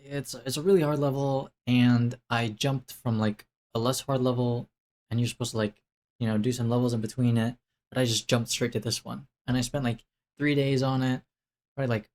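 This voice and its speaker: A man's voice: medium pitch, a little mellow. A young man talking through a casual life update to the camera, rambling with lots of fillers and restarts. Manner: rambling, self-interrupting, many fillers and restarts. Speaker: vlogger.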